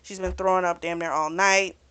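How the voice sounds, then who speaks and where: A woman's voice: lowish voice, fairly even intonation, a little fast, pushed and bright, clean tone, no echo. A woman host casually recapping a novel for a book club, talking in a chatty way and filling her retelling with "you know" and "he's like.".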